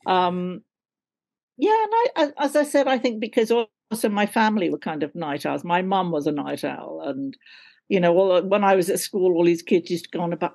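A woman's voice: fairly low pitch, expressive, fairly quick, creaky, darkish tone. Chatty woman, laughing often. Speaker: guest actor. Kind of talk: casual interview chat.

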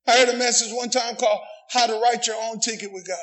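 High-voiced shouting preacher. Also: male voice, fairly even intonation, fast, low-quality recording. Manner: preaching, often shouting, call-and-response. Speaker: pastor. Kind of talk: sermon.

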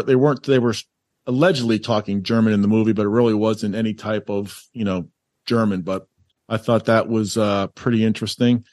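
A man's voice: medium pitch, a little mellow, no room sound, clean studio sound. A male podcast co-host in casual movie chat, rambling and laughing easily.

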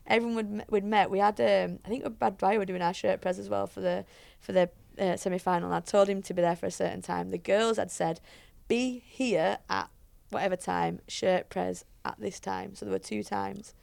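A woman's voice: medium pitch, flat delivery, a little fast, gravelly, few pauses, a little mellow, no room sound. A woman, a head coach chatting as a guest, telling stories with many fillers and restarts. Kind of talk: casual interview chat.

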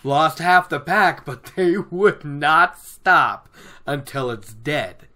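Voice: medium pitch, expressive, slow pace, pushed and bright. A podcaster voicing a blunt older man who lives with wolves, speaking in an offhand, amused way while retelling a fantasy novel.

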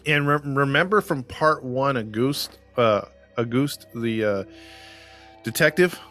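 A man's voice: mid-range voice, measured pace, bright, forceful tone, soft background music. Man telling a true-crime story casually. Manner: storytelling with many fillers and restarts. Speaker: podcast co-host.

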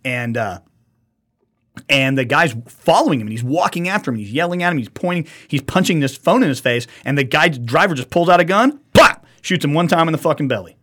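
Husky-voiced man telling stories animatedly. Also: on the high side, a little fast. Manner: animated storytelling, acts out quotes, swears often. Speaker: podcast co-host. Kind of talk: casual profane podcast chat.

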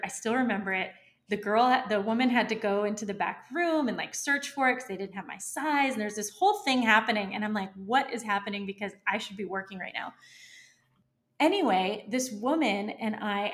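Animated woman telling a story. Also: mid-range voice. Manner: animated storyteller who acts out her own inner voice. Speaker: guest, entrepreneur and coach. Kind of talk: storytelling in a casual interview.

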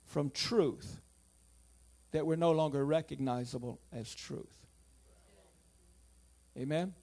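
A man preaching a sermon, telling a family story, then driving home points with loud emphasis and quiet asides. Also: on the high side, takes it slowly, pauses often, soft background music. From South Louisiana.

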